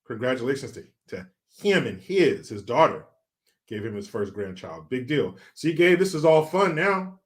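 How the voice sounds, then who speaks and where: A man's voice: mid-range voice, big pitch swings. A man from California hosts a casual livestream and chats through viewer comments. He jokes and swears freely and laughs as he goes. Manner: profane, joking, chatty, pauses to laugh. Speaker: livestream host.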